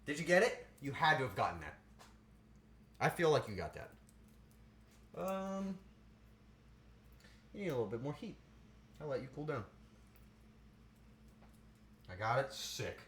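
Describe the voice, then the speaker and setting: A man's voice: mid-range voice, big pitch swings, measured pace, long pauses, fairly bright tone. Playful streamer guy in an echoey kitchen. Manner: playful, chatty, answers chat aloud. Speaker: streamer cooking live. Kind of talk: casual cooking stream chat. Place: home kitchen. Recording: roomy kitchen with faint noise.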